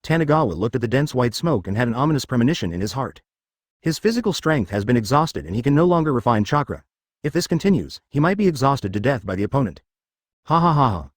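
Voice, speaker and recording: A male narrator reading fan fiction aloud with a lively, rising and falling pitch. His delivery is scripted and slightly synthetic. The recording is dry and close, with no room sound. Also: fast talker, dry recording.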